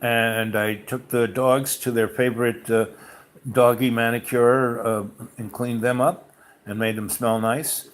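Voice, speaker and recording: Man, podcast host, casual storytelling, rambling, many fillers, mid-pitched voice. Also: little pitch movement, measured pace. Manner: rambling, full of fillers and restarts.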